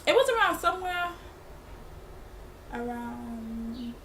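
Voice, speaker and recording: A woman's voice: on the high side, sing-song, slow, bright, forceful tone, slight background noise. A young woman telling a rambling, slangy storytime for her vlog. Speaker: vlogger. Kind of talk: casual storytime.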